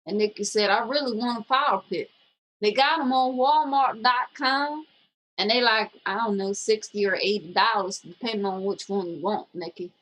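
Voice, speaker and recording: A woman's voice: mid-range voice, normal speed, a bit bright, rough recording. Blunt woman reading chat comments. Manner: blunt, teasing, reads comments aloud. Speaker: co-host.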